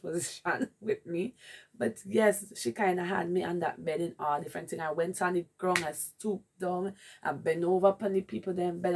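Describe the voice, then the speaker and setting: A woman's voice: lowish voice, creaky, darkish tone. A woman with a Jamaican accent candidly telling a rambling personal story in a vlog. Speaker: vlogger.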